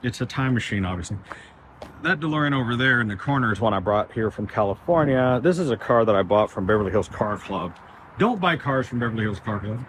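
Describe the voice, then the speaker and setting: With background noise around him, a man walks viewers through his large warehouse workshop in a rambling, casual vlog. His mid-range voice is fairly quick with lively intonation, and his frustration shows as he restarts sentences often.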